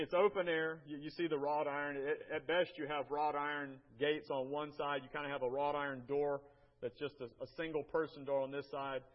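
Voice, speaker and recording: An American man giving a church slideshow talk about a mission trip, folksy and halting, often repeating his words. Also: medium pitch, highs cut off. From United States.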